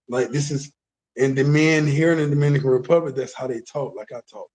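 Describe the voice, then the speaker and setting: A man from the United States with a deep voice, talking casually and emphatically to his viewers, often repeating words and asking if they understand. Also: brisk, darkish tone. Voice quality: deep, bassy voice. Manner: emphatic, repeats words, stops for "you understand what I'm saying". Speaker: vlogger.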